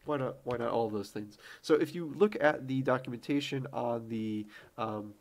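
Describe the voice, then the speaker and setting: A man's voice: mid-range voice, normal speed. Man thinking aloud through a coding tutorial. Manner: relaxed, thinking aloud with fillers while typing. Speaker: programming tutorial host. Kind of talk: screen-recorded coding tutorial.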